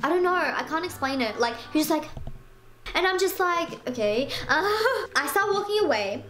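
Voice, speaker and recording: A woman's voice: very high voice, lively intonation, normal speed, fairly bright tone, a little hiss or hum. A young woman vlogger telling a story in a casual storytime style, chatty and full of "like", acting out what others said. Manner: chatty, full of "like", acts out other people's lines. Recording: echoey room with faint music.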